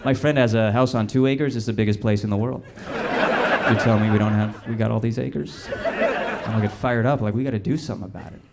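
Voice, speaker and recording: Man, stand-up comic, low voice, deadpan, rambling, noisy live club. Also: moderate pace, gravelly, over a noisy crowd. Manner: deadpan, rambling, self-deprecating. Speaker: stand-up comedian. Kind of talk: stand-up set. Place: comedy club stage. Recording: loud room noise, live club. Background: audience laughter.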